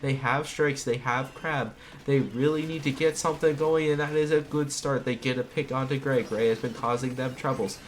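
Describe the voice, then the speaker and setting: A man casting an esports match alone from home, calling plays and then talking more quietly so as not to wake others. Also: medium pitch, slight background noise. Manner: rapid excited calls, then quieter. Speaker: esports caster. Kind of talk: solo play-by-play commentary.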